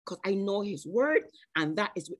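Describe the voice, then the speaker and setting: A woman preaching a sermon at a church service, speaking personally to members of the congregation and stretching out slow scripture quotes between bursts of emphasis. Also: medium pitch, lively intonation. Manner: chatty, personal asides to named congregation members. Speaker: guest preacher.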